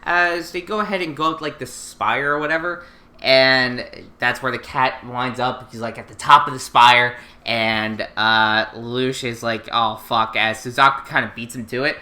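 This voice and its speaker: A woman's voice: very deep voice, steady tone, normal speed, pushed and bright. A woman co-hosting a casual anime recap podcast, rambling with lots of fillers and casual swearing. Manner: rambling, filler-heavy and profane. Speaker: podcast co-host.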